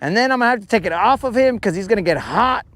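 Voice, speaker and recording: A man's voice: high voice, expressive, fast, fairly bright tone, dry recording. A man hosting a fishing show, joking around casually on a boat and calling people bro and dog. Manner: slangy, joking, keeps saying bro and dog.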